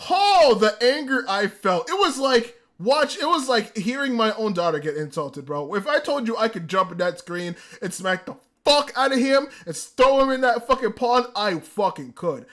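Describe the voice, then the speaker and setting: A man reviewing anime in a casual, excitable rant, swearing freely. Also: very high-pitched, moderate pace. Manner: excitable, profane ranting. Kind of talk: casual commentary. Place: indoors, a room.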